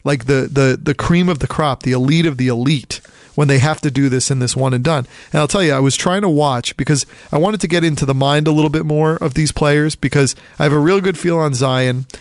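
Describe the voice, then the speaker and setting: A man from the Philadelphia area chatting casually about college basketball, rambling and animated, often acting out quotes. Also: a little high, fairly quick, no room sound. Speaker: podcast co-host. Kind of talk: casual sports chat.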